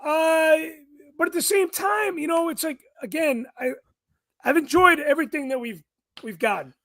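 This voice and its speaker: A man with an unusually high, thin, strained voice chatting casually as a podcast guest, blunt and quick to swear and laugh. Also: vocal fry, fairly bright tone, no room sound, clean studio sound. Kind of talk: casual chat.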